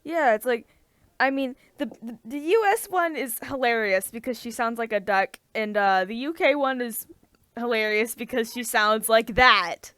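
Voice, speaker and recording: Brief: young woman, casual co-host, slightly high voice, dry close recording, rambling enthusiasm. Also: normal speed, fairly bright tone, dry recording. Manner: rambling, filler-heavy, enthusiastic. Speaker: podcast co-host. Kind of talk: casual chat.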